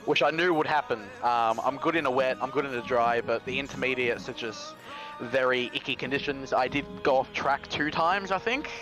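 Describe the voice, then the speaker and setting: A man talking through his race in a relaxed, chatty way, with lots of ums. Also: medium pitch, normal speed, over music, rough recording. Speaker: sim racing driver. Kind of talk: casual post-race interview.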